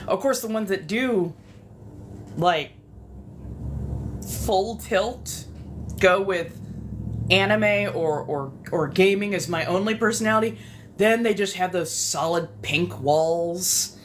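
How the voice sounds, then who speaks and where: A woman's voice: mid-range voice, slow pace, pauses often, a little hiss or hum. A young woman with a West Coast accent chatting casually with live-stream viewers, rambling and swearing freely.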